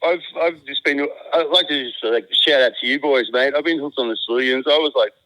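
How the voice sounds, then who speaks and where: A man's voice: mid-range voice, a little fast, bright, forceful tone, no echo. An Australian man calling in as a guest, chatting casually and rambling with restarts and slang over a phone line. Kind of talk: casual chat.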